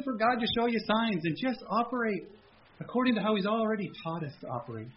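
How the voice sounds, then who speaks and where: A man preaching a sermon as pastor at a church service, animated, with a raised pleading voice when he acts out prayers. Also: sits high, quick pace, husky, muffled recording.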